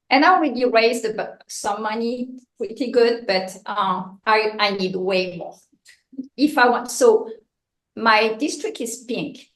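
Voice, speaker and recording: A woman's voice: fairly high pitch, a little slow, fairly bright tone. A woman running for local office, giving an impassioned, joking and blunt campaign speech at a meeting. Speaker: political candidate. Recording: echoey meeting room.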